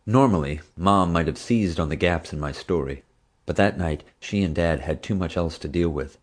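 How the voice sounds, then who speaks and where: A man narrating a first-person audiobook in an even, steady storytelling manner. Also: low-pitched, normal speed.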